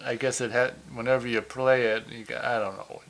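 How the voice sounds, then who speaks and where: A man's voice: medium pitch, flat delivery, brisk, vocal fry, a bit bright. A man co-hosting a casual episode review, rambling, often restarting sentences and laughing easily. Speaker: podcast co-host. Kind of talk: casual movie review chat.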